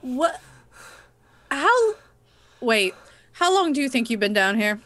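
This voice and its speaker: A woman's voice: high voice, big pitch swings, slow pace, fairly bright tone, full character voice. Woman playing a vampire hostess, exasperated, sugary endearments, slightly raised voice, tabletop game. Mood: teasing. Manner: endearments, scolding and teasing.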